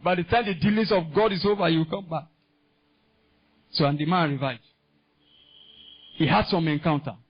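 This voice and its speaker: A man preaching a sermon in a Nigerian English accent, impassioned and climbing into shouts. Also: fairly high pitch, moderate pace, pauses often, breathy edge. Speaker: pastor. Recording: dull lo-fi sound.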